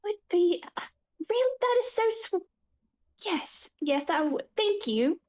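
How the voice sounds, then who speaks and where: A woman's voice: very high voice, expressive, a little slow, darkish tone, pitched above the performer's own voice. A woman voicing a courteous, slightly flustered artisan traveler in a tabletop game. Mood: touched. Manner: courteous and hesitant.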